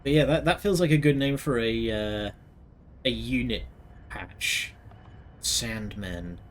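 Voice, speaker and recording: A man's voice: mid-range voice, slow pace. A man giving casual let's-play commentary, joking and sarcastic, swearing freely. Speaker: gaming video host.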